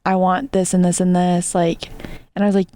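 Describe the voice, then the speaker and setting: A young woman co-hosting a podcast, telling an animated story in casual chat and talking straight to listeners. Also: on the low side, moderate pace. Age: young adult. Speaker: podcast co-host.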